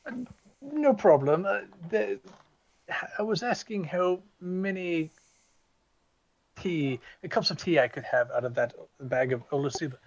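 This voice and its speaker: A man's voice: on the high side, lively intonation, measured pace. A man playing a tabletop role-play character, polite and hesitant with many ums. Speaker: player. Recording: dull lo-fi audio.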